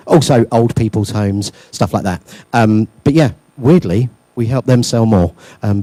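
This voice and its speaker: A man's voice: medium pitch, mellow, dry recording. A man giving a conference workshop talk, joking and self-deprecating, with many ums and uhs. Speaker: workshop speaker. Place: lecture room.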